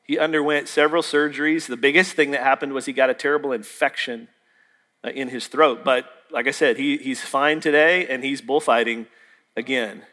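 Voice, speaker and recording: A man's voice: medium pitch, fairly even intonation, normal speed, sharp tone. A man preaching a sermon, telling a story and acting out the dialogue with jokey asides. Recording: long hall reverb.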